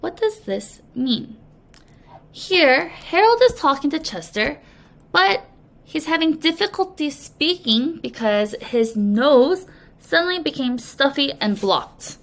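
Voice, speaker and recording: A woman English teacher giving a recorded reading lesson, explaining slowly and patiently to young students. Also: sits high, very animated, gravelly, a bit bright. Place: language academy.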